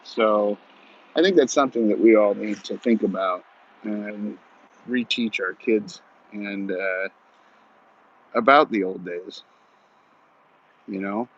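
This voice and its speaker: Folksy low-voiced man telling a rambling story. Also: slow, long pauses. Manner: rambling folksy, many "you know" and "he goes". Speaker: vlogger. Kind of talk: casual storytelling monologue. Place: outdoors at shooting practice. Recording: muffled audio with loud gunfire.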